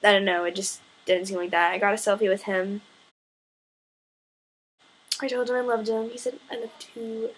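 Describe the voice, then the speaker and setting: A young woman in her teens excitedly retelling a story in a casual vlog, gushing and full of "like" fillers. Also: medium pitch, moderate pace, pauses often, slight background noise.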